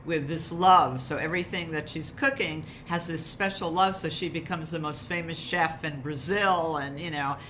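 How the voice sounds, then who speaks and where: A woman with a notably low, deep voice talks through her rituals in a relaxed conversational way. She explains with emphasis, and a faint hiss of noise sits under the recording. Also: normal speed, hardly any pauses. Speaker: ritual and wellness speaker. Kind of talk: conversational advice talk.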